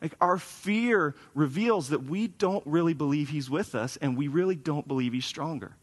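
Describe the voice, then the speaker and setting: A man's voice: a little high, moderate pace, breathy edge. A man preaching a conversational sermon as a pastor, casual and wry, with frequent restarts, in a church sanctuary. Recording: long hall reverb.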